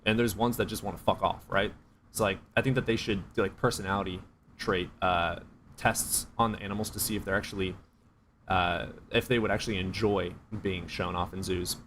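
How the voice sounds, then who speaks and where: A man with a lower-pitched voice chats loosely with his live-stream viewers, swearing freely and joking as he rambles. A faint hum of noise sits under his voice. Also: fairly even intonation, a little fast, a bit bright. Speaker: streamer answering chat. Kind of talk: casual live-stream chat.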